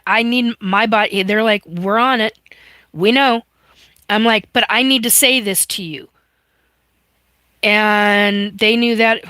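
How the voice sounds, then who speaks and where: A middle-aged woman hosting a livestream, talking haltingly and getting choked up and sniffly as she tells her story and reads out viewer comments. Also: medium pitch, pushed and bright, clear, resonant tone, no room sound. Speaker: livestream host. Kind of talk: emotional livestream monologue. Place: home livestream.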